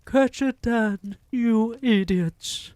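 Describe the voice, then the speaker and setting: A man's voice: on the high side, takes it slowly, darkish tone, no echo, pitched above the performer's own voice. A man voicing a commanding female witch queen, screeching orders. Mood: furious. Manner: screeching, imperious.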